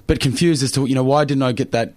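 A man's voice: medium pitch, fairly even intonation, fast talker, darkish tone, no room sound. A young Australian man, a Paralympic swimmer, telling cheeky anecdotes in a casual interview, with lots of fillers. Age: young adult.

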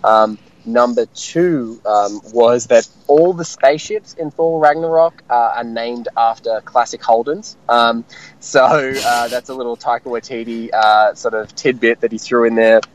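An excited man, a film critic chatting casually on radio with plenty of fillers. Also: medium pitch, unhurried, dull audio.

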